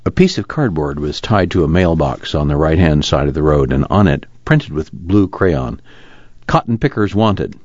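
A man with a very low voice narrates an audiobook steadily and plainly. The recording is dull and dry. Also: expressive, normal speed, few pauses, a little mellow, no echo.

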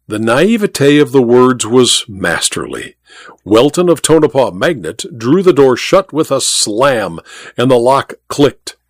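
Animated male audiobook narrator. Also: mid-range voice, measured pace, dry recording, clean studio sound.

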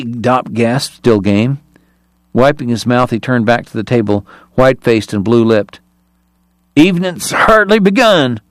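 A male narrator reading a novel aloud in a measured, even way. His voice sits in an ordinary middle register, recorded very dry and close with no room sound. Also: medium pitch, no echo. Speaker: audiobook narrator. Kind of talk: scripted narration.

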